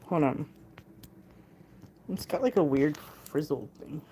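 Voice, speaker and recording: A chatty young woman hosting a casual live stream. Her voice sits a little low, and she tells stories in an animated way with lots of "like". A faint hiss of background noise runs under her talk. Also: takes it slowly. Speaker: livestreamer selling handmade bracelets.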